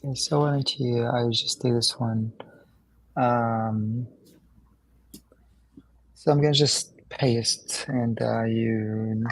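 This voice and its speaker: A man speaking as a student in an online class, hesitant and halting, often trailing off. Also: medium pitch, steady tone, low-quality recording.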